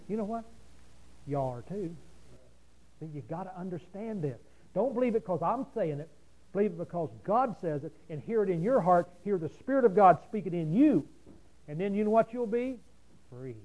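A man preaching a sermon, folksy and rhetorical, swinging from loud emphasis to quiet asides. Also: sits high, expressive, moderate pace, rough recording.

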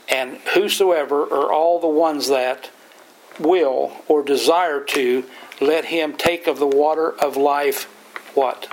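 A man's voice: on the high side, slight background noise, poor audio. A man leading an informal Bible study, telling folksy, plain-spoken stories and explaining scripture verse by verse.

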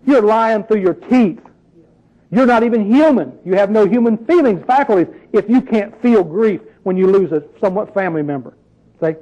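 A man's voice: sits high, lively intonation, moderate pace, warm tone, lo-fi sound. A man preaching a sermon in a conversational, emphatic way, full of rhetorical questions.

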